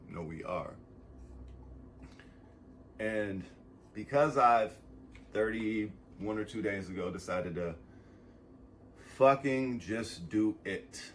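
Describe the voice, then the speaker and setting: A man vlogging a casual motivational monologue, rambling and swearing, swinging from loud bursts to soft asides as he gets emotional and close to tears. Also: sits low, slight background noise.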